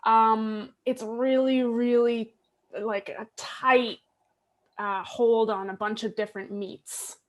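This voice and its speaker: Improv woman on a video call, kinda high, laughs and fumbles. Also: steady tone, slow. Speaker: improv performer. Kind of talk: improv comedy one-liners.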